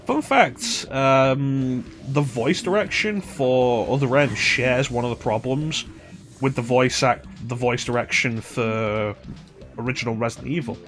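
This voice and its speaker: A man's voice: medium pitch, unhurried, fairly bright tone, faint music behind. A man casually commenting on a game he is playing, rambling and humming to himself between remarks. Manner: rambling, chatty, hums and scats to himself. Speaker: streamer.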